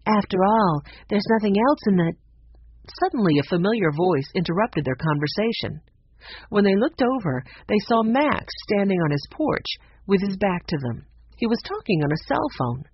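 An expressive audiobook narrator with a husky voice and lively, animated pitch. The reading moves through the story with care, and the recording sounds a bit dull and muffled. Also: normal speed. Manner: expressive, voices each character. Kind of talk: scripted narration.

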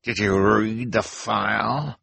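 Man plays a sinister scheming woman villain, snarling and slow, husky storybook baddie. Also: lowish voice, sing-song, dry recording, full character voice. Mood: menacing.

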